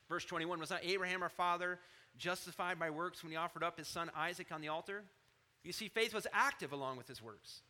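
A man in his thirties preaching a sermon as pastor, animated, rising loud on scripture quotes and dropping low to confide.

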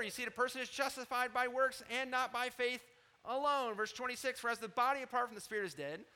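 In his sermon, a man in his thirties serving as pastor swings between booming scripture quotes and quiet, confiding moments, staying animated throughout.

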